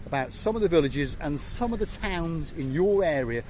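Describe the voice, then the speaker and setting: A man's voice: a little high, moderate pace, slight background noise. An English man hosting a playful travel vlog outdoors by a seaside resort, rambling and joking like a tour guide. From England. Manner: jokey, rambling, lively tour-guide patter. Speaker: vlogger host.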